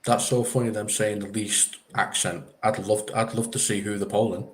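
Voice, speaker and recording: A man's voice: on the low side, fairly even intonation, normal speed. A man with a Scouse accent co-hosting a casual football stream, making dry, argumentative remarks. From Liverpool. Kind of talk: casual live stream chat.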